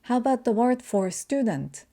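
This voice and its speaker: A woman whose first language is Japanese gives a pronunciation lesson, speaking slowly and carefully as she demonstrates sounds. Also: on the high side, very animated, dark tone. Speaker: language teacher.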